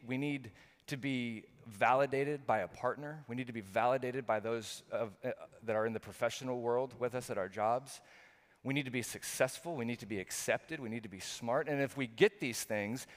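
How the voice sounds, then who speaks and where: A middle-aged male pastor preaching a sermon, earnest and repetitive, full of rhetorical questions. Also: mid-range voice. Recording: long hall reverb.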